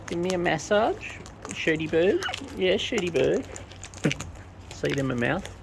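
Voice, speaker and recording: Slow, coaxing woman. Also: fairly low pitch, sing-song, vocal fry. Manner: coaxing, sing-song baby talk to birds. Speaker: bird feeder vlogger. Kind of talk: casual talk to wild birds. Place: outdoors among wild birds. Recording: outdoor noise with bird sounds.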